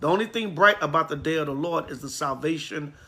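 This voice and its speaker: A man's voice: on the high side, fast talker, pushed and bright. A man teaching a Bible class as a priest, blunt, slangy and fiery, often going off on digressions.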